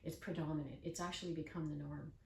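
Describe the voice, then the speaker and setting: A woman's voice: deep voice, fairly even intonation, quick pace, creaky. An older woman hosting an interview, talking earnestly and telling stories with acted-out quotes. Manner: earnest, storytelling, acts out quoted voices. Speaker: host. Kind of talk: casual interview chat. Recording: echoey room from far off with faint noise.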